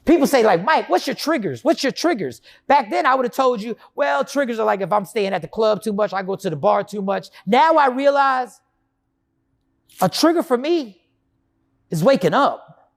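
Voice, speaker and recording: Animated man telling his own story. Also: very high-pitched, normal speed. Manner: animated, acts out his own past self and inner voices. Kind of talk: personal storytelling monologue.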